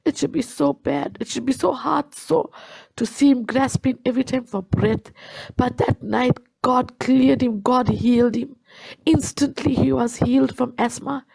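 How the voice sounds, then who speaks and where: A woman's voice: high voice, a little slow, creaky, a little mellow, slightly rough, dry recording, low-quality recording. A woman telling her personal faith testimony in an earnest way, repeating herself for emphasis. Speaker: guest sharing a testimony.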